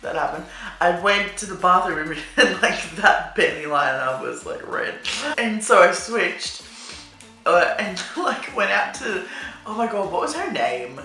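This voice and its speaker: A woman's voice: on the low side, very animated, a little slow, sharp tone. A young woman telling a casual storytime to camera, laughing through lines, swearing, and saying "like" a lot. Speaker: vlogger. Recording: echoey room with faint music.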